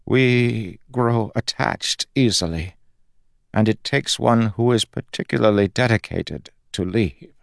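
A man voicing a frail, fading male god who speaks in halting, pleading phrases. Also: on the low side, gravelly, no echo, clean studio sound, pitched above the performer's own voice.

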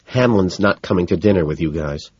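A man voicing a bored young woman who talks flatly and sarcastically. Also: deep voice, brisk, slightly rough, dry recording, lo-fi sound. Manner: flat, dry and sarcastic. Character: flat, bored young woman, sharp-tongued.

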